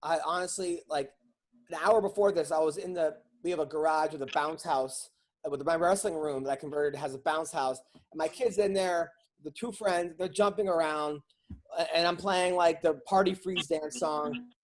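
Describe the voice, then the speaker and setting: A man's voice: on the high side, steady tone, moderate pace. A man who is a comedian, telling stories animatedly in casual podcast chat and swearing a lot.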